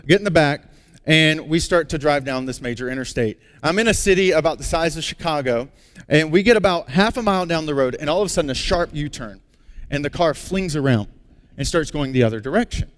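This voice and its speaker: Storytelling pastor in a reverberant hall. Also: male voice, a little high, brisk. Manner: animated storyteller, turning hushed and earnest. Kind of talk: sermon with personal storytelling. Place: large church auditorium. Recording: long reverb of a large hall.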